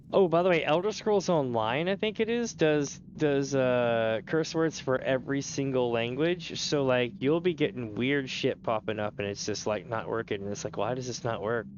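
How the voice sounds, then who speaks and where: A man's voice: mid-range voice, moderate pace, lo-fi sound, a little hiss or hum. A man streaming a game, chatting casually with his viewers in a rambling way that is full of casual swearing. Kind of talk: casual gaming stream chat.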